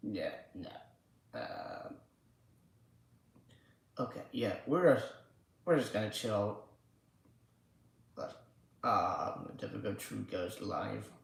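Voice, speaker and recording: A man's voice: fairly low pitch, sing-song, extremely slow, creaky, long pauses. Rambling profane man on an echoey stream. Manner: rambling, profane, lots of fillers. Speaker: livestream host. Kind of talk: casual livestream chat. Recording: very echoey room.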